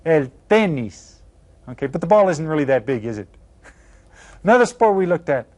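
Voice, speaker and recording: A man with a slightly high voice leads a recorded Spanish lesson for children. He is upbeat, cues the class with counts, and says each Spanish word slowly and carefully. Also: sing-song, darkish tone. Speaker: Spanish teacher.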